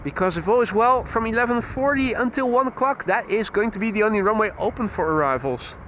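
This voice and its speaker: A Dutch man hosting a live plane-spotting stream outdoors beside an airport runway, giving steady, informative commentary on arriving flights. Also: sits high, brisk, a little hiss or hum. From Netherlands. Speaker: plane-spotting livestream host.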